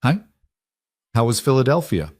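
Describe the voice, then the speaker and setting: A man voicing a tired mafia boss husband who speaks quietly and plainly in a narrated story. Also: mid-range voice, big pitch swings, normal speed, no room sound, clean studio sound, pitched above the performer's own voice.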